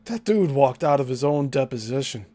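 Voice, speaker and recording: A man's voice: medium pitch, lively intonation, moderate pace, mellow. A man hosting a show, commenting casually and mockingly on a recording and acting out the people in it. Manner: mocking, laughs, acts out quotes. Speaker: show host commenting on a clip.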